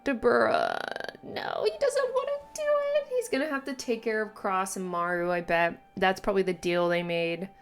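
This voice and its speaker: Excitable woman reacting to a manga. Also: mid-range voice. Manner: excitable, gasping, exclaiming. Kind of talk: casual reaction commentary.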